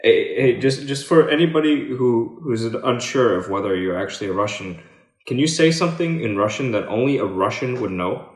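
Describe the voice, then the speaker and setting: A man's voice: mid-range voice, expressive, moderate pace, reverberant. A man hosting a casual chat, who keeps pressing his question with jokes and casual swearing. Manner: persistent, joking, swears casually. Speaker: host.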